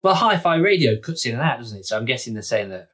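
Brief: male co-host, quick delivery, slightly husky, explainer. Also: mid-range voice, big pitch swings, sharp tone. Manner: explains facts, steers the episode. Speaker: podcast co-host. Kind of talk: casual chat.

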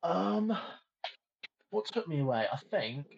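A young man, a podcast guest, telling stories in casual chat with animated energy and laughter. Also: fairly high pitch, slow pace, gravelly. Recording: dull, slightly noisy line.

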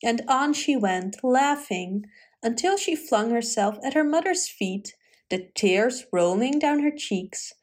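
A woman reading a fairy tale aloud in a gentle, expressive storytelling manner. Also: fairly high pitch, slow pace.

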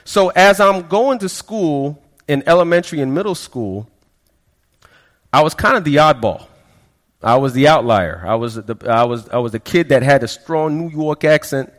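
A man's voice: a little high, animated, moderate pace. A man giving a sermon testimony, telling his story in a conversational way, often stammering over repeated words. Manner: conversational storytelling, frequent stammered repeats, quotes people in quieter voices. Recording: long hall reverb.

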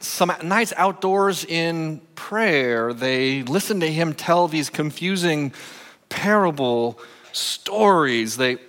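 A male senior pastor preaching a sermon in a playful, animated way, coaching a volunteer through a skit. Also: high voice. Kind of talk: sermon with a live audience skit. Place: church sanctuary. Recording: long echoing church hall.

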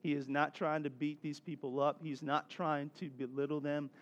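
A man preaching a sermon as pastor, telling stories in a lively, conversational way and laughing often. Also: a little high, moderate pace, muffled recording. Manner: animated storytelling preacher, acting out voices.

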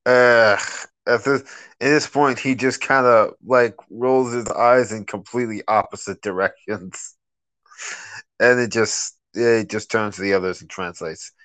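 A man at a tabletop game, talking in hesitant, restarting bursts as he describes his character's actions. His voice sits at a middle pitch and sounds close and dry. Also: fairly even intonation, a little slow, fairly bright tone, smooth, no echo. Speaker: player.

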